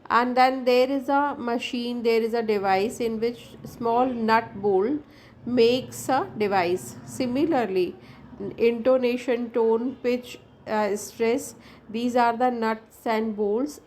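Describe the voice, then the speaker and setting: A woman's voice: on the high side, a little hiss or hum. A woman with an Indian English accent, a native Hindi speaker, giving a classroom lecture. She explains in a roundabout way with many fillers and restarts. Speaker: English teacher.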